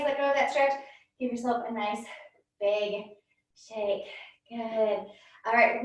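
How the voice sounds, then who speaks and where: A woman yoga instructor, a little out of breath, calling out poses and encouraging cues through a guided class. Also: high-pitched. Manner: encouraging cues, frequent "good". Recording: echoey room, voice from far off.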